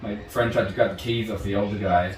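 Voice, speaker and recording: A man's voice: on the low side, steady tone, fast talker. A young man telling a story in casual conversation, rambling, swearing freely and laughing often. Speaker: martial arts instructor guest. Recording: roomy, distant mic, background noise.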